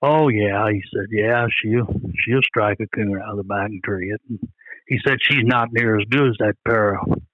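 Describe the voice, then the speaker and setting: A man's voice: on the low side, moderate pace, no room sound. Older guy rambling through hunting stories, folksy, dull lo-fi sound, dry. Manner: folksy, rambling, quotes others often. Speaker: guest, coon hunter. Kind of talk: storytelling in an interview.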